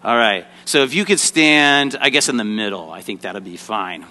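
With a lowish, bright, and forceful voice at normal speed, a children's ministry teacher leads kids through an interactive Bible lesson on a church stage. He directs volunteers up front and prompts the young audience to call out, all in an echoey hall.

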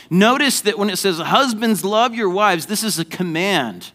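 A man's voice: sits high, lively intonation, moderate pace, hardly any pauses, a bit bright. A man preaching a sermon as pastor, conversational and joking, then rising to emphatic points.

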